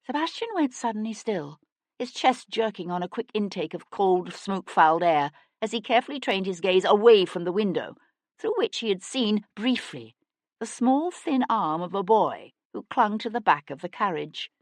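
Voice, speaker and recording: A woman reading an audiobook with steady, expressive storytelling narration. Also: medium pitch, moderate pace, no echo.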